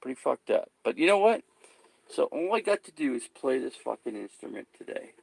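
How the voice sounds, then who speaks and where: A man's voice: medium pitch, very animated, a little fast, vocal fry, husky, no echo. A man talking casually to his camera, rambling, swearing and repeating himself as he gets worked up. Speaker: vlogger.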